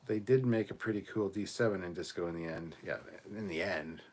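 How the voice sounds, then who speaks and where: A man co-hosting a relaxed livestream chat from a room at home, reading viewer comments aloud and swearing freely. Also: sits low, brisk. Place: home room cluttered with costumes.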